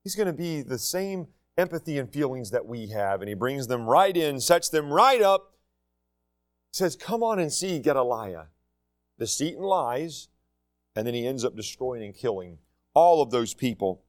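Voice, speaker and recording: A man's voice: mid-range voice, animated, normal speed. A man preaching an expository sermon in a conversational way, with folksy asides and frequent restarts. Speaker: pastor.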